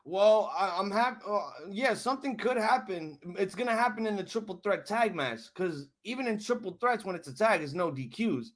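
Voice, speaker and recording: A man hosting a live wrestling reaction stream, ranting angrily and swearing, swinging from muttering to shouting. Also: high-pitched, lively intonation, normal speed, few pauses. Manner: angry, profane ranting.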